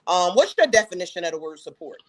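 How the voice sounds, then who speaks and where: Lively New woman, co-host on a casual livestream, slangy, bursts of speed. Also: fairly low pitch, quick pace. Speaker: co-host and author.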